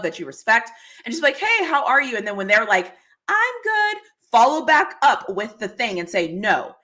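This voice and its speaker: A woman's voice: medium pitch, bright, forceful tone. A woman hosting a casual livestream, chatting freely, often laughing and answering comments from the chat. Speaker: livestream host.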